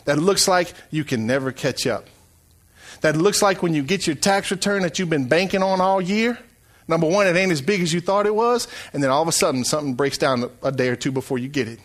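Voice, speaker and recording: A middle-aged man preaching a sermon as pastor, swinging from hushed asides to loud, shouted calls. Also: a little high, brisk.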